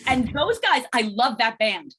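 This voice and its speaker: A middle-aged actress chatting as an interview guest, telling stories in an animated way and acting out what people said. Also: female voice, a little high, a little slow, background noise. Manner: animated storyteller acting out quoted exchanges. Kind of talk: casual interview chat.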